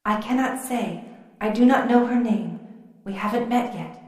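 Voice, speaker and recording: A woman voicing a female queen dragon who speaks quietly and evenly in an audiobook. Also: on the high side, normal speed, reverberant, long reverb tail, lightly acted. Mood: calm.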